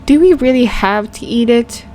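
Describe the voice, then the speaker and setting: A woman doing a sweet, high little girl. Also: expressive, normal speed, dark tone, slight background noise, natural voice, poor audio. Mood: kind. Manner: polite and reassuring. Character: small, kind, sensible little girl.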